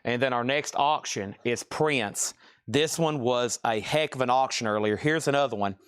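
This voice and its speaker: Male host for a live sales stream, brisk and matter-of-fact, mid-pitched, dry close sound. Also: a bit bright, smooth, no room sound. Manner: brisk, matter-of-fact listing of items and prices. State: briefly out of breath. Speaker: livestream record sale host.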